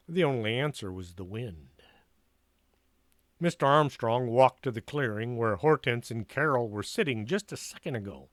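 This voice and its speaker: Male storyteller, animated, expressive read-aloud; dry, close mic. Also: mid-range voice, no echo.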